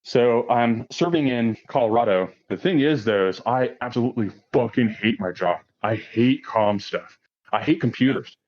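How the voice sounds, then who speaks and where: Dull, lo-fi podcast audio carries this male guest in his late thirties, who has a medium pitch and moderate pace. He laughs a lot while casually telling a profane story, raising his voice to act out quoted lines.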